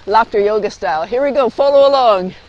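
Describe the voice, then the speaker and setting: A woman's voice: a little high, a little fast, darkish tone, lo-fi sound. A woman hosting a silly laughter-yoga comedy vlog, bubbly and giggly, full of whoops and laughs. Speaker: host of a comedy laughter club show.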